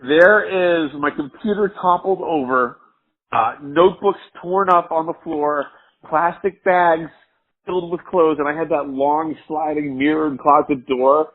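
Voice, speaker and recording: A man's voice: fairly high pitch, fairly even intonation, unhurried. A drunk man telling a rambling, profane story over the phone, laughing often. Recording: muffled phone line.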